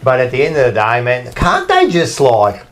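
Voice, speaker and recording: A man, reacting in quick, upbeat casual chat on a podcast. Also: mid-range voice, wildly swooping pitch. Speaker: podcast co-host.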